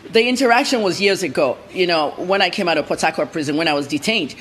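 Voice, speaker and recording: A woman's voice: on the low side, animated, fast, fairly bright tone, a little hiss or hum. A middle-aged woman journalist answering interview questions bluntly and emphatically, jumping from point to point. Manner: blunt, emphatic, jumps between topics.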